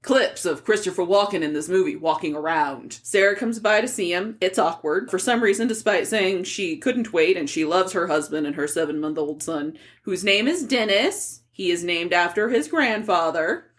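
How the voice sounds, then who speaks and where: Young woman podcaster summarizing a novel, lowish voice, super casual, lots of likes. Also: moderate pace, few pauses. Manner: chatty recap, frequent "like" fillers, swears casually. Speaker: podcast co-host. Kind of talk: casual book-discussion podcast.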